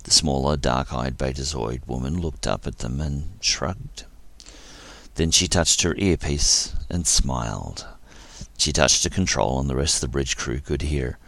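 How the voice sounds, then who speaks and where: A man narrating a science-fiction story aloud in a steady, plain reading voice. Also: extremely low pitch, unhurried, vocal fry, dry recording.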